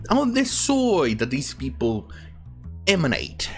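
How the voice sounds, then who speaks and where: A woman rants through a news story in a slow, drawn-out delivery, her pitch swinging widely with sarcasm. She swears freely and repeats words to mock them. Faint music plays behind her. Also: big pitch swings. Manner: sarcastic and profane, with mocking repetition. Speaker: online commentator. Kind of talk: ranting news commentary.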